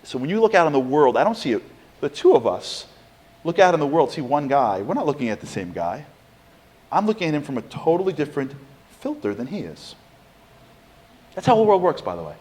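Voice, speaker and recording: A man giving an inspirational lecture with humor, an animated storyteller who fires off rhetorical questions to the audience in a large lecture hall. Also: on the high side, brisk, long pauses, husky. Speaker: speaker. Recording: long hall reverb.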